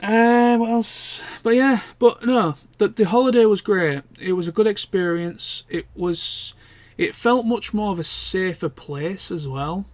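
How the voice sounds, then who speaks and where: A man's voice: sits high, unhurried, hardly any pauses, no room sound. A young man, chatting casually and candidly in a rambling vlog catch-up, with the odd swear word. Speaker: vlogger. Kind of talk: casual chat.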